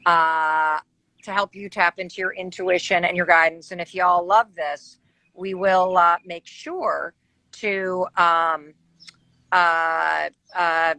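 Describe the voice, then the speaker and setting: Bright, excited woman host. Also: lowish voice, slow, no room sound, rough recording. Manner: excited, with many fillers. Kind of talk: casual conversation.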